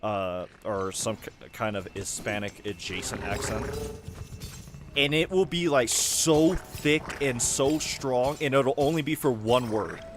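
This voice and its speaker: A man's voice: mid-range voice, lively intonation, unhurried. A young man rambling casually while he plays a game and answers chat, chuckling often. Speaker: gaming streamer. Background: game music.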